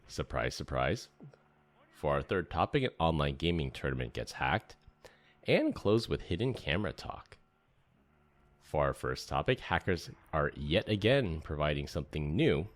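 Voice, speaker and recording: A man's voice: extremely low pitch, dry recording. A man hosting a podcast, joking with co-hosts and reading out the story rundown. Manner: jokey, reads topic rundown briskly. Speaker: podcast host. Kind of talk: casual chat and show intro.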